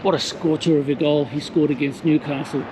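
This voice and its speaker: A man's voice: on the high side, fairly even intonation, brisk. A middle-aged man chatting casually as he walks around outdoors, telling stories with lots of hesitations and fillers. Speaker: vlogger touring a stadium. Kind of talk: casual walking-tour commentary. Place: outdoors around a city stadium. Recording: noisy outdoor street recording.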